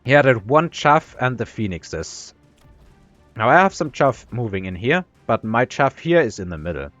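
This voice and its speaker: A man's voice: medium pitch, big pitch swings, normal speed, a bit bright, no room sound, highs cut off, faint music behind. A man giving rambling, self-deprecating commentary on his own strategy game match, full of fillers and restarts, talking with his mouth full. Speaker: gaming commentator. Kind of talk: casual gameplay commentary.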